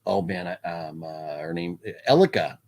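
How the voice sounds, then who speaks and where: A man's voice: deep voice, expressive, moderate pace, darkish tone. A man hosting a casual live stream from his home, chatting loosely, reading out viewer names and laughing often. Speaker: livestream host. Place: home room with his movie collection.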